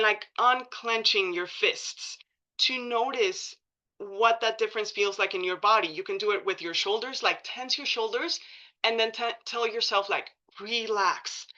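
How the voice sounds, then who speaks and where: Bright-voiced woman giving a casual training talk. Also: medium pitch, normal speed, lo-fi sound. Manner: casual, many likes and ums, self-correcting. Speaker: presenter at a coalition meeting. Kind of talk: informal training presentation.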